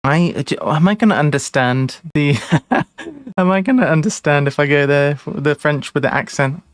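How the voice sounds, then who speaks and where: A man's voice: fairly high pitch, animated, normal speed, no room sound, clean studio sound. A man streaming a board game live, chatting casually, rambling and laughing at his own mistakes. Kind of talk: casual live-stream chat while playing.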